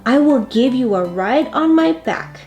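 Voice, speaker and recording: A woman voicing a gentle, patient male farm horse in a storybook read-aloud, explaining things slowly and kindly. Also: high voice, animated, soft background music.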